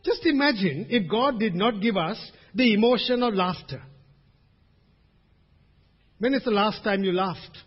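A man preaching a sermon as pastor, swinging between loud emphasis and hushed asides. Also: high voice, animated, unhurried, pauses often, slightly rough. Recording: dull recording with long hall reverb.

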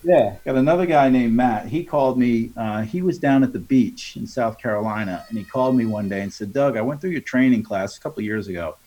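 A man's voice: medium pitch, fairly quick, hardly any pauses, mellow, dull audio. A man training contractors on sales in an interview, speaking in a coaching tone, acting out customer dialogues and often adding "right?". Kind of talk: conversational podcast interview.

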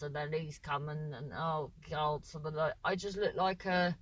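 A woman's voice: deep voice, moderate pace, hardly any pauses, dry recording, rough recording. A young woman telling a long, rambling story in casual chat, correcting herself often and acting out what people said, with the odd swear word. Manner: rambling, self-correcting, with lots of "so then"; swears casually, acts out voices in quotes. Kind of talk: casual anecdote.

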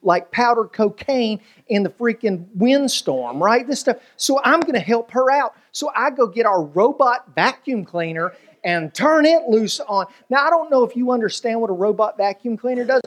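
A man's voice: very high voice, animated, normal speed, a bit bright. Male pastor, humorous sermon storyteller who acts out the voices in his stories.

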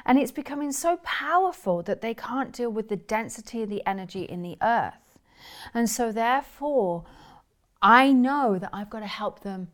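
A woman in her forties, a spiritual teacher telling her story in an interview, earnest and rambling, with many restarts, and going soft and hushed over personal memories. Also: on the high side, animated, normal speed. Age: 40s.

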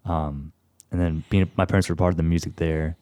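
A man's voice: low-pitched, little pitch movement, brisk, dark tone, clean tone, no room sound, studio quality. A young man from Tennessee, hosting a radio show in casual, rambling chat and laughing easily. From Tennessee, USA.

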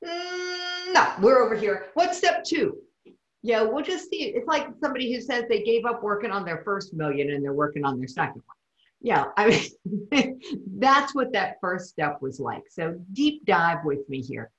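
A woman hosting a podcast interview in a playful, animated conversational way. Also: medium pitch, normal speed, dull audio. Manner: playful and animated, with frequent laughs. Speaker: podcast host. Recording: roomy echo.

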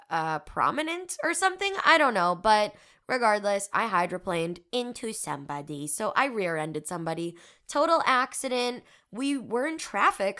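Bright, giggly young woman. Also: mid-range voice. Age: 20s. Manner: candid, giggly, self-deprecating storytelling. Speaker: podcast host. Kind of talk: casual chat.

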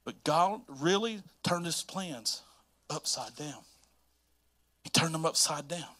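A man from North Carolina with a Southern accent, preaching a sermon as pastor in an animated storytelling manner that repeats phrases for emphasis. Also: a little high, slow pace.

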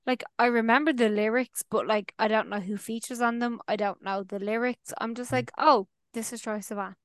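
A young woman, co-hosting a podcast in casual chat, chatty and laughing easily between quick asides. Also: on the high side, steady tone, no echo, clean studio sound. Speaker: podcast co-host.

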